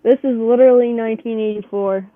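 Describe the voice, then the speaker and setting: A man co-hosting a livestream who drops dry, deadpan quips in casual chat. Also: very high-pitched, fast talker, no echo. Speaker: co-host of a livestream. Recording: tinny phone-like call line, dry.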